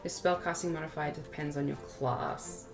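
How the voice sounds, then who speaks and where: Low-voiced woman game master, music behind. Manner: relaxed, reads rules aloud, quick asides. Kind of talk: running a tabletop game, casual chat.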